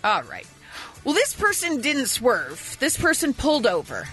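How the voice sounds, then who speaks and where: A woman co-hosting a radio morning show, telling odd news stories in animated, laughing banter. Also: high voice, unhurried, breathy edge, soft background music. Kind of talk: casual comic radio banter. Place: radio studio. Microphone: studio microphone.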